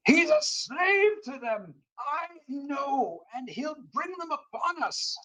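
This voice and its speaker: A man voicing a furious settler who screams high, drawn-out warnings. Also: big pitch swings, fairly bright tone, full character voice, rough recording. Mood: livid screaming.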